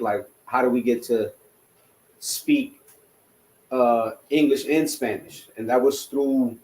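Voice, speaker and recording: A man's voice: mid-range voice, a little mellow, reverberant, poor audio. A man teaching a language class in a loose, rambling lecture, full of fillers and tag questions. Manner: rambling, many fillers and rhetorical "right?".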